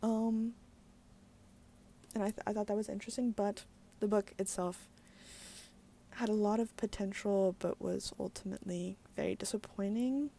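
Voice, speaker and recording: A woman's voice: mid-range voice, fairly even intonation, normal speed, creaky, long pauses, dark tone, slight background noise. A woman chatting casually in a daily book vlog, candid and full of fillers, with some swearing. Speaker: book vlogger.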